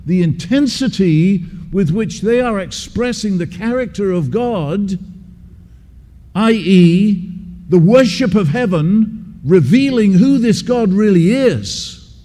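An English preacher delivers an expository sermon with a personal story, speaking emphatically and repeating key words for stress. His voice is high, dark and expressive at a slow pace, with long hall reverb.

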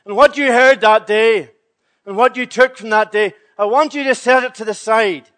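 A man's voice: high-pitched, moderate pace, fairly bright tone. A male preacher voicing God as a hypothetical figure who speaks in a matter-of-fact, confiding way within a sermon. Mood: dismissive. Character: God, male, revising scripture, dismissive.

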